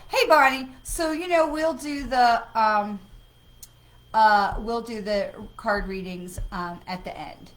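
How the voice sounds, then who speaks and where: A woman's voice: on the high side, slow pace, low-quality recording. A woman hosting a livestream as a psychic medium, chatting casually and rambling with many fillers and restarts.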